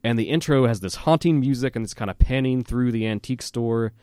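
A man hosting a casual podcast, caught up in telling a childhood story. He talks at a middling pitch with a dry, close sound, and fillers and little laughs run through his telling. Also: a little fast, warm tone, smooth, no echo. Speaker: podcast host.

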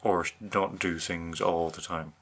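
A man's voice: low-pitched, level tone, slow. A man co-hosting a casual podcast chat, bantering in a dry, teasing way. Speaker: podcast co-host.

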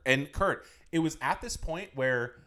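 A man's voice: on the high side, lively intonation, measured pace, sharp tone. A man co-hosting a casual sports podcast, talking animatedly with swearing and laughter while debating game decisions. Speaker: podcast co-host.

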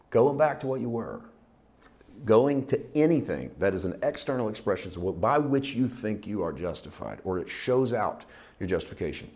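Middle-aged man, pastor, low voice, easygoing sermon delivery that rises and drops in volume. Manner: reflective, conversational preaching with swings in loudness.

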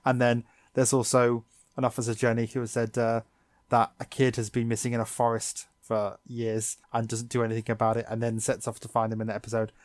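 A man co-hosting a podcast, sarcastically recapping a cartoon episode in animated storytelling. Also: mid-range voice, fairly quick, no room sound, clean studio sound. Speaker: podcast co-host.

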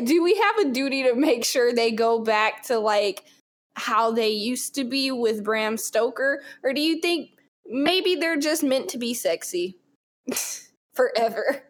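A woman hosting a podcast in casual chat, laughing often between her questions. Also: fairly high pitch. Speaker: podcast host.

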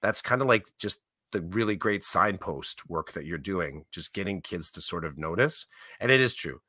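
A man with a fairly low voice and a bright, forceful tone co-hosts a casual conversation. He sounds encouraging and reflective. The recording is dry and close. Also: animated, moderate pace, no room sound. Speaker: co-host. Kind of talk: casual chat.

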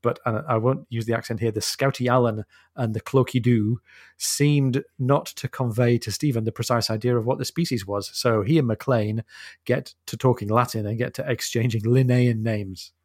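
Man, mid-pitched, reads quotes aloud, thoughtful, dry close mic. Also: fairly even intonation, moderate pace, a little mellow, no echo. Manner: thoughtful, reads quotes with expression, laughs often. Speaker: podcast co-host. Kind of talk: casual book discussion, reading passages aloud.

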